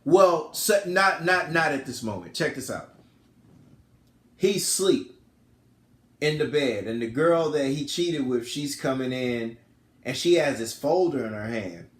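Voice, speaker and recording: A man casually recapping a film plot in animated storytelling style, full of slang. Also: medium pitch, a little slow, long pauses. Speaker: film reviewer. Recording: roomy echo.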